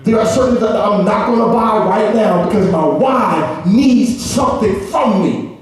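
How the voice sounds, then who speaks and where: A man preaching a sermon as pastor, lively, calling on the congregation to answer back and acting out quotes. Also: high-pitched, moderate pace. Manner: animated preaching with call-and-response and acted quotes. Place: large church hall. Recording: echoey hall, far from mic.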